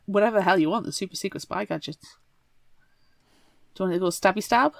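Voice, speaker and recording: A woman's voice: medium pitch, fast talker, creaky, no echo. A woman co-hosting a book podcast, chatting casually and playfully with frequent jokes. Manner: playful, jokey, laughs often. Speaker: podcast co-host.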